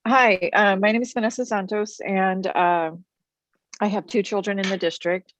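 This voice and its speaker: A woman's voice: medium pitch, fairly even intonation, moderate pace, no room sound. Earnest woman with a dull, dry sound. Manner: earnest, hesitant with many ums. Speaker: parent public commenter. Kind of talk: public comment.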